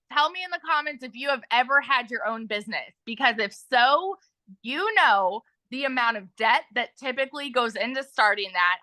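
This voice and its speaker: A woman in her thirties talking on a phone mic as a webinar guest, chatty and excited, telling her story with lots of asides to viewers. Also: high voice, no room sound. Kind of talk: enthusiastic testimonial on a livestream. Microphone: phone held in hand.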